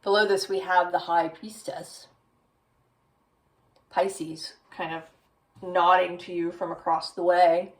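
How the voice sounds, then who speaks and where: A woman reads tarot cards in an unhurried, low-pitched voice, musing aloud and checking in with "right?". She sits a little way back from the mic, so her voice sounds slightly distant. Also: level tone. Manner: slow, musing, with many "right?" tags. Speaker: tarot reader. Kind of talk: tarot reading.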